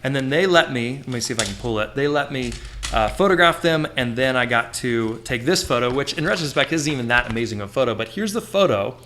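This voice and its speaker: A man in his thirties hosting a podcast, telling a personal story with lively swings, jumping high when he acts out his younger self. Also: fast talker, a little hiss or hum. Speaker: podcast host. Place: indoor room with a shelf.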